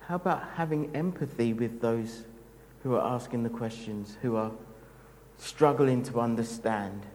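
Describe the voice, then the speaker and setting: A man preaching a sermon in a gentle, reflective, unhurried way. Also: mid-range voice, in a large hall, slight background noise, poor audio.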